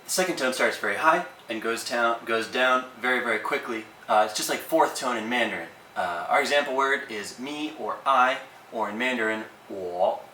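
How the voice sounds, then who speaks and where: A man teaching language tones in a casual, relaxed lesson, with plenty of ums and uhs. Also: medium pitch, moderate pace, hardly any pauses, echoey room, distant mic, slight background noise, low-quality recording.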